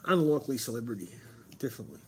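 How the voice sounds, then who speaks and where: A man's voice: mid-range voice, a bit bright, slight background noise. A man with a broad Australian accent, chatting and rambling casually as a stream host, swearing freely and calling everyone mate. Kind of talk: casual chat.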